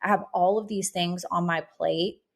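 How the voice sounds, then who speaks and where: A woman's voice: on the low side, steady tone, normal speed, vocal fry, slightly rough. A woman in her thirties co-hosting a podcast, talking in a reflective, rambling way full of fillers. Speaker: podcast co-host. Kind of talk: casual podcast chat.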